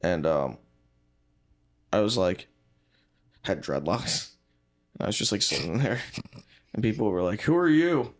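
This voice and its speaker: A man's voice: sits low, animated, unhurried, long pauses. A young comedian chatting as a podcast guest, joking, swearing freely and acting out quotes in his stories. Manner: swears a lot, jokey, acts out quotes. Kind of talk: casual chat.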